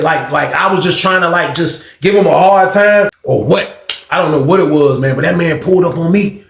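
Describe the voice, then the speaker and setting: A man telling a story in a casual, slangy, animated way, acting out the quotes. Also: on the high side. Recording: echoey room.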